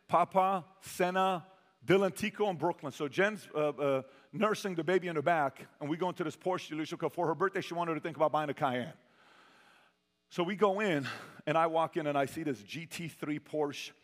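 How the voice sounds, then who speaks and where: A man giving a motivational stage talk to a sales audience, telling stories animatedly and acting out the people in them. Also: fairly high pitch. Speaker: sales trainer speaking to an audience. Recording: reverberant hall.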